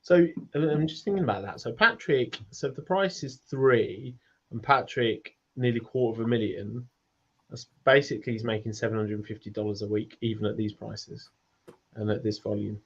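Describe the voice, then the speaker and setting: A man's voice: on the low side, moderate pace, husky, highs cut off. A British man hosting a casual online Q&A, chatty and rambling, laughing easily. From United Kingdom. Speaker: host of a community Q&A.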